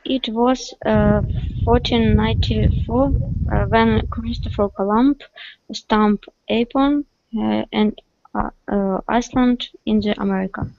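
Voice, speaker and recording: A woman's voice: medium pitch, steady tone, unhurried, vocal fry, darkish tone, lo-fi sound. A woman whose native language is Russian, answering hesitantly in English as a student and searching for words.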